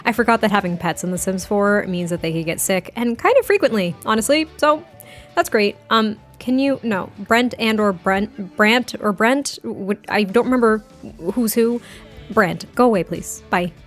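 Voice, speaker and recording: A woman's voice: mid-range voice, normal speed, soft background music. A young woman giving casual, chatty gameplay commentary, giggling often and restarting her sentences. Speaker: gaming creator.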